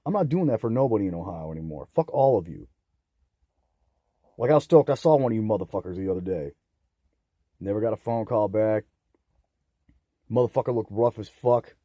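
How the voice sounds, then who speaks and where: A young man ranting angrily on his own, profane and bitter, swinging into loud outbursts. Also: on the low side, animated, fairly quick, long pauses, no room sound, highs cut off. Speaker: vlogger. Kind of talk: angry solo rant to camera.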